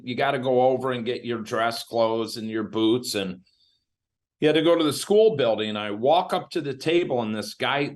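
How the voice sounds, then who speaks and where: A man from Illinois, a guest in an interview, telling his story in a candid, animated way and acting out what others said. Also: mid-range voice. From Illinois, USA.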